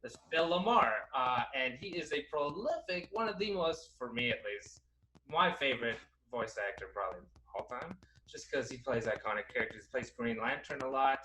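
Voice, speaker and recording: Bright-voiced man in rambling chat. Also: mid-range voice, moderate pace, rough recording. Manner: rambling, animated, many fillers. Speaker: podcast co-host. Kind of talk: casual chat.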